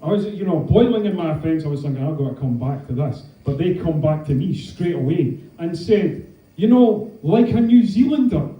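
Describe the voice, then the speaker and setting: A man's voice: fairly high pitch, fairly quick, muffled recording. A man in his thirties with a Scottish accent, doing a wry, self-mocking stand-up set with plenty of swearing. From Scotland. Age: 30s. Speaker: stand-up comedian. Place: comedy club stage with audience. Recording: echoey room, mic from a distance.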